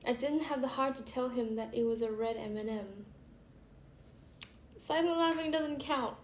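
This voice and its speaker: A young woman vlogger chatting casually and reading funny stories aloud while she does her make-up, giggling and trailing into soft asides. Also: fairly high pitch, a little slow. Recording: echoey room with faint background hiss.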